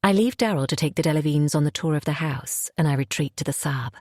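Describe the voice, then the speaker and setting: A woman narrates a thriller in a low, husky voice, her first-person telling tense and haunted. The studio sound is close and completely dry. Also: quick pace, a little mellow, no room sound. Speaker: audiobook narrator.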